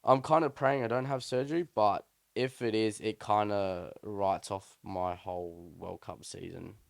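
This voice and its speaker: A man's voice: on the low side, fairly even intonation, measured pace, vocal fry, no echo. A young man co-hosting a podcast, chatting casually and telling a story in a rambling, slangy way with many restarts. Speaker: podcast co-host. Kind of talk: casual chat.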